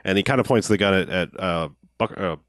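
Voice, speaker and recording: A man with a low voice recapping a movie in loose, profane chat. He keeps slipping into the characters' lines as he tells it. The sound is dry and close. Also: brisk, fairly bright tone, no echo.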